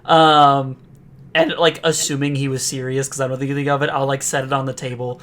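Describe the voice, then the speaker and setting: A player in a tabletop game, talking in an excitable, rambling way while in character. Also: mid-range voice, fairly quick. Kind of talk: tabletop role-play, in character.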